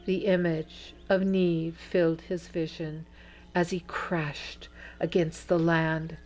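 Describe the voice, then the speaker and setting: A woman narrating an audiobook in a slow, measured storytelling manner. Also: on the low side.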